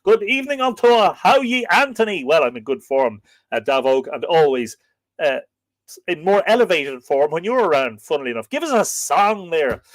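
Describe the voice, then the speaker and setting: A man's voice: on the high side, big pitch swings, normal speed, dry recording. A man with an Irish accent hosting a casual live stream, playfully reading out and answering viewer comments. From Ireland.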